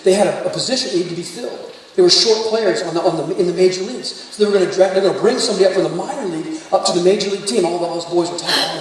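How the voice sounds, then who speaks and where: High-voiced preacher in an echoey hall. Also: male voice. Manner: storytelling, rising to fervent exhortation. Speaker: pastor. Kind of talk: sermon. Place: large church sanctuary. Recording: distant echoey hall, faint room noise.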